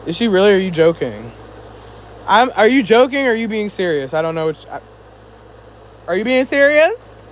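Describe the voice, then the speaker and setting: High-pitched guy on his phone live, chatty and laughing at comments, kinda winded. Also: big pitch swings, normal speed, pauses often, slight background noise, low-quality recording. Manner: chatty, laughing, teasing viewers back. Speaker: live streamer. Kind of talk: casual live-stream chat reading comments.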